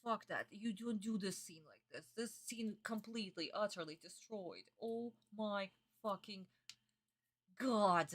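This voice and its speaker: A woman's voice: mid-range voice, unhurried. A young woman streaming her reaction to a dubbed anime, chatting casually with viewers, exasperated, swearing and bursting into laughs.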